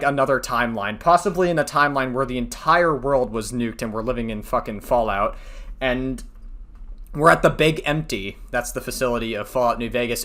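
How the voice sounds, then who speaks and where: A man's voice: medium pitch, a bit bright. A man doing casual commentary on online drama, rambling and profane, laughing at his own jokes.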